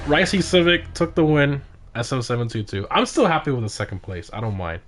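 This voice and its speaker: A man hosting a casual gaming livestream, reacting loudly to races and chatting with viewers; he sounds tired. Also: mid-range voice, fairly quick, soft background music. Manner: excitable, frequent exclamations during races. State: tired, yawning. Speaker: livestream host of game car meets.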